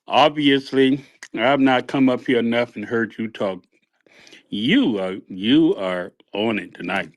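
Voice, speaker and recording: A man's voice: mid-range voice, unhurried, no room sound. A man speaking up as a caller in a live audio room, making an emphatic political point. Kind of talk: casual political talk.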